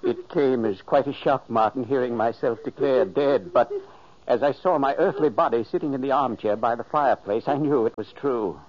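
A man's voice: mid-range voice, normal speed, close to an everyday voice. An actor playing the ghost of an elderly man, narrating solemnly in a 1940s radio play. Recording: dull old radio recording.

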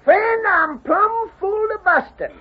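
An actor voicing a timid old Civil War veteran, drawling slowly in 1940s radio style. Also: very high-pitched, lively intonation, exaggerated voice. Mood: contented. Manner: drawling folksy cowboy talk, slow and fretful. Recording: muffled old radio recording, faint hiss.

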